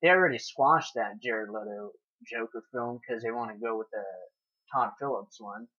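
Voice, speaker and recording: Easygoing male co-host, husky and bright, lo-fi audio. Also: medium pitch. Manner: easygoing, agrees a lot, drawn-out phrasing. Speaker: podcast co-host. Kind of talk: casual chat about films. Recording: dull lo-fi sound.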